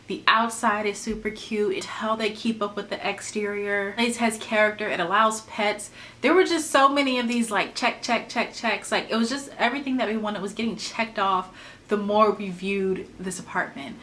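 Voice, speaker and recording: Woman vlogger, casual storytelling, animated and chatty, medium pitch. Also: moderate pace, slight background noise. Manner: animated, chatty retelling with frequent "like".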